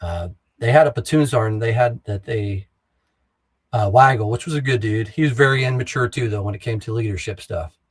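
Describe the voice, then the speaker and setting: A man's voice: medium pitch, brisk. A middle-aged man, an army veteran, telling war stories in a blunt, profane, casual way and acting out other soldiers' lines. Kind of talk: casual storytelling.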